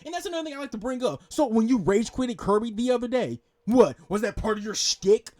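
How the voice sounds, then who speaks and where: Guy yelling and cussing thru a reaction rant, voice high and jumping all over. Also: expressive, fast, a little hiss or hum. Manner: yelling, profane, scolding. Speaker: reaction channel host.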